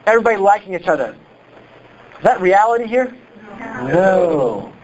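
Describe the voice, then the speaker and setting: Animated Midwestern man preaching. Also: sits high, normal speed, dull audio. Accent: Midwestern American. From Iowa, US. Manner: animated, conversational preaching with rhetorical questions. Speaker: pastor. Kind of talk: sermon.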